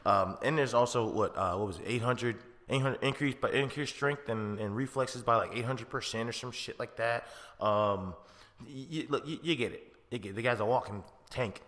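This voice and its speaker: A man's voice: mid-range voice, moderate pace, fairly bright tone, big-room sound. A man hosting a podcast, reviewing a film in a rambling, profane, slangy way with frequent laughs. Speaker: podcast host. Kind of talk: casual film review chat.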